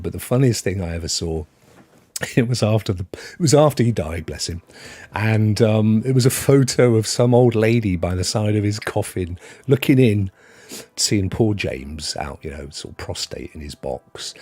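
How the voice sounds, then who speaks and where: Husky British man hosting a chatty stream. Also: lowish voice, darkish tone. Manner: chatty, jokey, laughs often. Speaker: livestream host. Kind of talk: casual chat reading viewer comments.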